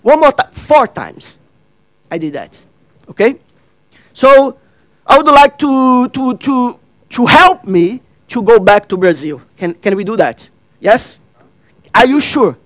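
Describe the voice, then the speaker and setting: Man giving a workshop talk, very high voice, dry close sound, asks the crowd questions. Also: sing-song, slow, pauses often, a bit bright, dry recording, rough recording. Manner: addresses and questions the audience, acts out dialogue; non-native grammar, repeats phrases. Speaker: workshop speaker. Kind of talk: interactive stage talk.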